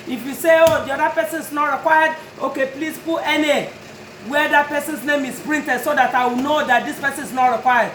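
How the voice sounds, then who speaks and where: A woman's voice: high voice, a bit bright, roomy sound, slight background noise, rough recording. A woman who runs a notary business, speaking straight to her customers in an earnest, pleading but firm way. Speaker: notary and tag and title business owner. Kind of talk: direct-to-camera talk to customers.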